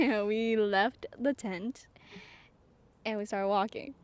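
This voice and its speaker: A woman's voice: medium pitch, slow pace, clear, resonant tone. A young woman co-hosting a podcast, chatting casually and telling the story with laughter and slang. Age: young adult. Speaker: podcast co-host.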